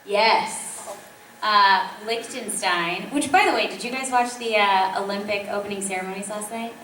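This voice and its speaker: A woman's voice: mid-range voice, moderate pace, a bit bright. A woman voice actress answering audience questions at a convention panel, chatty and enthusiastic, rambling with fillers. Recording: echoey hall from far off, faint noise.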